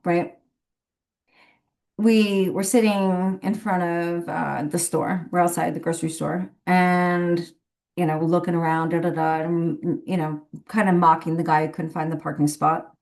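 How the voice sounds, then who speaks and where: A woman's voice: on the low side, steady tone, unhurried, vocal fry, a little mellow. A woman who works as a medium, telling a rambling story in a casual, chatty way and laughing often between phrases. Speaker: professional medium.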